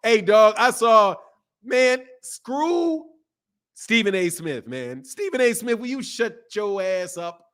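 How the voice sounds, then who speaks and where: A man's voice: high-pitched, sing-song, slow pace, fairly bright tone. A man in his fifties hosting a boxing channel, talking in loose slangy live-stream chat and laughing often. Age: 50s.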